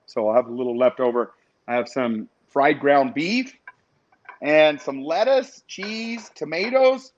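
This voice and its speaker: A man's voice: medium pitch, dull audio. A man with a Western American accent hosting a casual live stream, chatty and upbeat, talking to his viewers as he cooks and reads out trivia questions. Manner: chatty, upbeat, addresses viewers as you guys.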